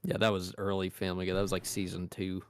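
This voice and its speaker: A man on a podcast, joking and swearing casually, dropping quick impressions into the chat. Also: low-pitched, completely flat delivery, a little hiss or hum.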